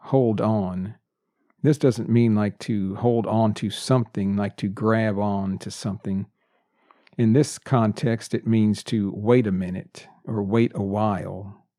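A man teaching English expressions, repeating each phrase and example sentence slowly and deliberately. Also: lowish voice, vocal fry, warm tone, no echo, studio quality. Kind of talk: slow, deliberate English lesson.

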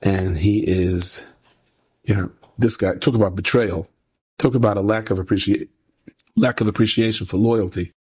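A man's voice: fairly quick, husky. A man, a rabbi, telling a story with a moral lesson in a conversational way, repeating phrases for emphasis. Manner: conversational, repeats phrases for emphasis, rising pitch when animated.

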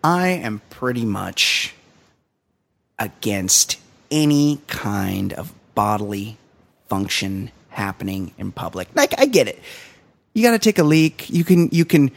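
A man co-hosting a comedy podcast, riffing in casual chat with deadpan jokes. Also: fairly low pitch, measured pace, creaky. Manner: joking, deadpan asides with laughs. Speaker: podcast co-host.

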